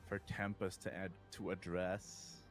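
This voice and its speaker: A man commentating a card game tournament, analytical and bursting into laughing excitement at big plays. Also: low voice, unhurried, soft background music. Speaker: caster.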